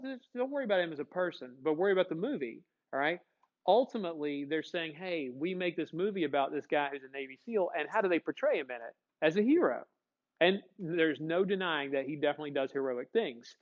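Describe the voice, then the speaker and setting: A man's voice: on the high side, expressive, fairly quick, phone-quality sound. A man teaching a history class, chatty and joking, often asking his students questions. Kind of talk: classroom lecture.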